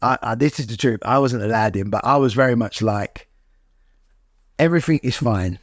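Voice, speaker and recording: A man's voice: medium pitch, normal speed, no room sound, clean studio sound. A man, hosting a casual chat with his wife and speaking earnestly and reflectively. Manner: earnest, reflective, often restarts. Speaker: host, husband.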